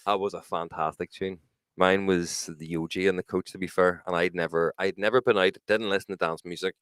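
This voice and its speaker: A man's voice: deep voice, fairly even intonation, a little fast, fairly bright tone, smooth, no room sound, clean studio sound. A young man with a Northern Irish accent, co-hosting a podcast, joking and swearing through his stories. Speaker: co-host. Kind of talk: casual podcast banter.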